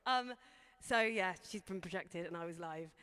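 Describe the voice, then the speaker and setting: A woman's voice: fairly low pitch, moderate pace, a bit bright, clean tone, in a large hall. A woman in a band talking nervously and ramblingly to an audience after a live set. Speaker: band member. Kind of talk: casual stage talk to a streamed audience.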